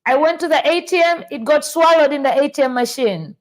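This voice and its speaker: A woman from Tanzania hosting a casual podcast chat, telling stories in an animated way and often repeating words as she starts a sentence. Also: high-pitched, a little fast. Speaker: podcast host.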